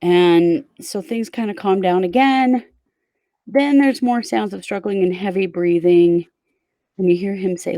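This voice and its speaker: A woman's voice: medium pitch, measured pace, mellow, dry recording. A woman hosting a true crime show, casually walking her co-host through a case step by step. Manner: conversational, recounts events step by step.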